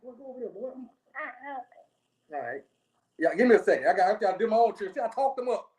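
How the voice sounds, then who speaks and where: A woman co-hosting a sports podcast, telling stories in a lively way, laughing often and tagging lines with "okay?". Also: mid-range voice, quick pace. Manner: animated storyteller, keeps repeating okay, laughs often. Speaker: podcast co-host. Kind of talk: casual sports chat.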